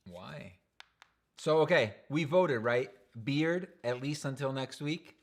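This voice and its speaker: A man co-hosting a casual livestream from home, joking and easygoing. His voice sits at a middle pitch. He chats loosely with his co-host. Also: expressive, slow. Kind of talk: casual chat.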